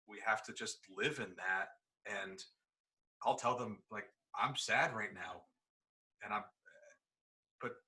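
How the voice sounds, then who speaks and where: A man's voice: on the low side, sharp tone. A man, an educator and father, on a video call, asking an earnest question and thinking aloud. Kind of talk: casual video-call chat. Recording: voice distant from the mic.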